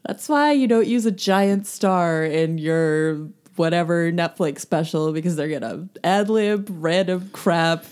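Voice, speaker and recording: A woman in casual conversation about books, wry and quick with short asides. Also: fairly low pitch, a little mellow. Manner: wry, chiming in with short remarks. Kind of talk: casual book discussion.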